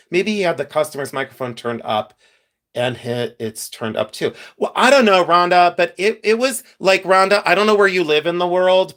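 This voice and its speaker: Guy on a live stream just chatting, kinda high voice, tells stories and reads off viewer names. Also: fairly bright tone. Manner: chatty storyteller, answers viewer comments by name. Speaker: livestream host. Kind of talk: casual live-stream chat.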